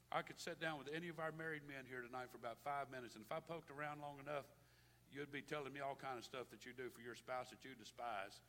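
A man's voice: medium pitch, fairly bright tone. An older man preaching a sermon as pastor, impassioned and folksy, often repeating words. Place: church sanctuary. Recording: long hall reverb, faint noise.

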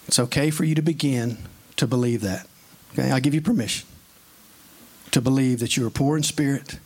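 A man's voice: mid-range voice, darkish tone. Earnest man preaching a sermon. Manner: earnest, conversational preaching with plain everyday stories.

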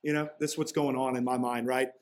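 A man's voice: mid-range voice, level tone, fairly quick. A man preaching a sermon as pastor, walking through a passage in a casual, conversational way with slangy asides.

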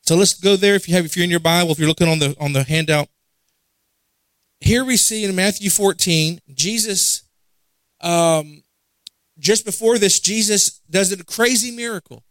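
A man's voice: high-pitched, normal speed, fairly bright tone, no echo. A man preaching a conversational sermon, asking the congregation questions and repeating phrases for emphasis.

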